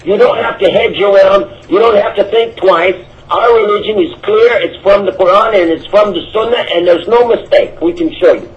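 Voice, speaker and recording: A man's voice: sits high, normal speed, few pauses. A man preaching about his religion and answering questions. He speaks emphatically and repeats his points. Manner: emphatic, repetitive, animated. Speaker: Islamic preacher. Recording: dull lo-fi audio.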